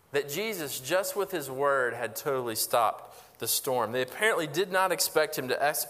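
A man's voice: fairly high pitch, a bit bright. Preaching man in a reverberant hall. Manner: conversational preaching with frequent restarts and rhetorical questions. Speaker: pastor. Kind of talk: sermon.

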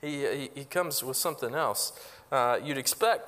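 A man's voice: on the high side, normal speed, a bit bright. A man giving a sermon in an earnest, conversational way, with frequent fillers and restarts. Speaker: pastor. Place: church sanctuary. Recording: long hall reverb.

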